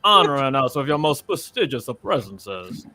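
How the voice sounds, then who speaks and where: A man voicing a courtly, genteel southern gentleman with a Southern US drawl. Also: mid-range voice, very animated, moderate pace, full character voice.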